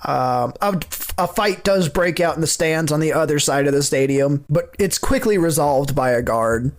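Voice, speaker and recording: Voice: medium pitch, lively intonation, moderate pace. A game master narrating a tabletop game in a loose, rambling way, with fillers and jokes.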